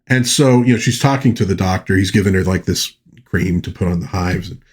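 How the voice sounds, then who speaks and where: A man's voice: low voice, fairly quick, a little mellow, slightly rough. A man casually narrating a film review, retelling scenes and briefly mimicking characters' lines, talking loosely with fillers and restarts.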